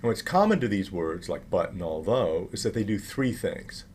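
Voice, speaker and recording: Male lecturer, animated pitch, stresses key words, faint background hiss. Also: moderate pace. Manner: explanatory, lively emphasis on key words. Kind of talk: recorded lecture.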